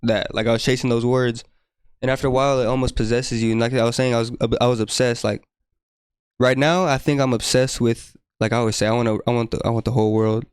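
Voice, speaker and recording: Flat-voiced reflective young man. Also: mid-range voice, fast, smooth, no echo, clean studio sound. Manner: reflective, earnest, slangy. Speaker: podcast guest. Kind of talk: casual chat.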